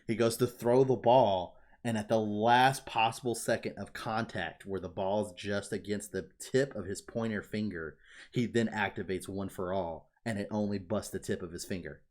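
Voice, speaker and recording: A man with a fairly low voice talks through a story on a casual podcast. He gets excitable and swears freely, peppering his talk with "like.". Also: moderate pace. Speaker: podcast co-host. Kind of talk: casual chat, retelling an anime plot.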